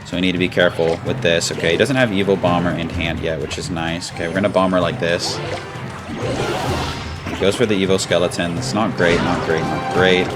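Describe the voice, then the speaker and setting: Lowish-voiced man giving casual game commentary. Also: brisk. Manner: casual, breaks into excited chanting at big moments. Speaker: gaming commentator. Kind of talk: live gameplay commentary. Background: background music.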